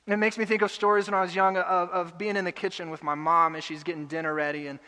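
A young adult man preaching a sermon earnestly, building to loud emotional peaks. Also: high voice, flat delivery, quick pace, long reverb tail. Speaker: pastor. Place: church hall.

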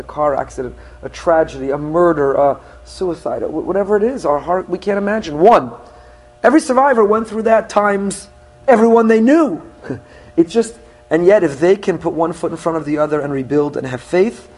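A man's voice: on the high side, darkish tone, breathy edge. A middle-aged man who is a rabbi, giving an earnest teaching sermon and mixing Hebrew phrases into his English. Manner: earnest teaching, with rising emphasis on key points.

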